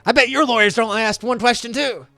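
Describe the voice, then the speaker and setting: A man voicing an angry male juror who yells taunts across the courtroom. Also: extremely high pitch, brisk, creaky, no echo, faint music behind, pitched above the performer's own voice, heavily acted. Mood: jeering. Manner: yelling, taunting.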